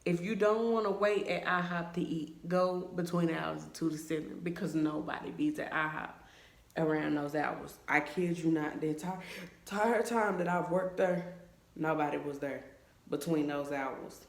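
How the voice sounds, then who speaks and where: A young woman with a fairly low voice tells a story to her camera in a casual, chatty way. She is animated and acts out her friends' lines as she goes. The room around her is bare and echoey. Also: normal speed, vocal fry. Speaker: vlogger. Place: at home in a room, taking her hair down on camera.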